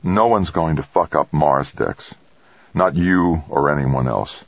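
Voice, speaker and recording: A man's voice: a bass voice, takes it slowly, no echo, lo-fi sound, heavily acted. A man voicing a furious, determined male scientist making clipped threats.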